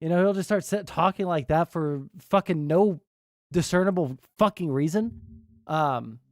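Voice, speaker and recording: A man's voice: fairly high pitch, normal speed, darkish tone, slight background noise. A man streaming casual reaction commentary, rambling and swearing as he trails off mid-thought.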